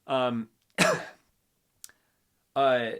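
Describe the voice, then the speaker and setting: A man's voice: mid-range voice, extremely slow, clear, resonant tone, dull audio. Guy on a chill chat show, gets worked up retelling a scene, keeps restarting sentences. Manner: animated retelling, acts out quotes, many restarts. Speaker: host. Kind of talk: casual chat.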